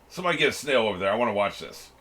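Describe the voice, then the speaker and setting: A man gives loose, casual commentary while reacting to an anime episode. His voice sits low and a little husky but has a bright, forceful edge, and his pitch swings widely. He laughs often and swears without a second thought. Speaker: reaction channel host.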